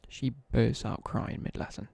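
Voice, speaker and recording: In a dark-toned voice at normal speed, a young man from the English Midlands rambles about school in slangy terms, chatting casually with viewers as he streams a game. The recording has no room sound.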